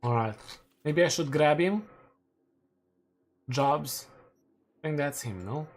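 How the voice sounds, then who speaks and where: A young Romanian man with a fairly high voice streams a game and chats casually with his viewers at an unhurried pace. He thinks out loud and corrects himself as he goes.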